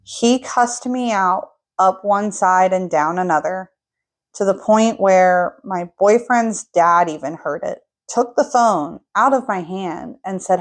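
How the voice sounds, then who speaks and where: A woman's voice: medium pitch, a little slow. Young woman telling a story from her life, chatty, gets fired up retelling the fight. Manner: animated, voice rises when recounting arguments. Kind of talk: casual personal storytelling.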